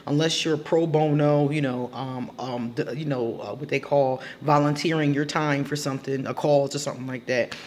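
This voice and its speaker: A woman's voice: low-pitched, creaky, a little hiss or hum. A woman who reads tarot cards, telling a dating story in a candid, emphatic way and laughing often. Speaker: tarot reader. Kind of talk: casual storytelling.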